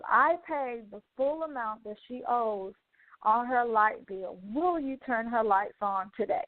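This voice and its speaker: A woman's voice: fairly high pitch, no room sound. A woman radio host earnestly telling listeners an emotional personal testimony, with many fillers. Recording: dry tinny phone-like line.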